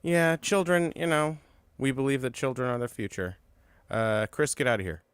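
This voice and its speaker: A man's voice: mid-range voice, normal speed, smooth, no echo. A man hosting a casual online chat on a video call, a bit awkward in manner. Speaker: host.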